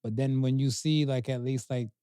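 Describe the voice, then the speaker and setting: Animated man telling a story. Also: mid-range voice, moderate pace, clear, resonant tone, dry recording, clean studio sound. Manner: loose, animated retelling with many fillers and acted-out quotes. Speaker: podcast co-host. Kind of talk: casual storytelling chat.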